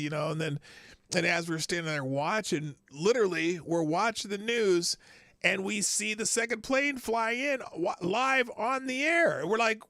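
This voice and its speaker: A man's voice: high-pitched, animated, normal speed, sharp tone, no echo, studio quality. A middle-aged man hosting a livestream show, chatting casually in a rambling, loose way with offhand swearing. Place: small home streaming studio.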